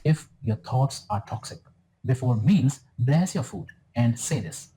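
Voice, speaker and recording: A male wellness guide speaking in a very dark, mellow tone at a middle pitch. He talks slowly and soothingly, reading step-by-step advice like a scripted meditation. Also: rough recording. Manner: calm, soothing, instructive. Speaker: wellness guru in a clip. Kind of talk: scripted spiritual self-help narration.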